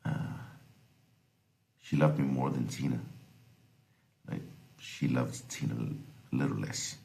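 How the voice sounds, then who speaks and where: A man with an extremely deep, gravelly voice delivers a halting eulogy for his grandmother. He speaks slowly and holds back tears. He fills the gaps with soft hesitations and long pauses. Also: poor audio. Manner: hesitant, many pauses and fillers. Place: recorded from abroad, far from the service.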